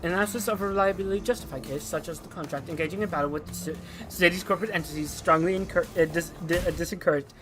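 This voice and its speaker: A man voicing a calm, collected young woman who explains things precisely and quietly. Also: a little high, quick pace, music in the background, natural voice.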